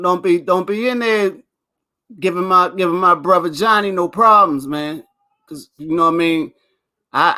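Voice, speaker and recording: A man's voice: sits high, sharp tone. A man hosting a casual chat show, boastful and playful, laughing often and repeating his catchphrases. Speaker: show host.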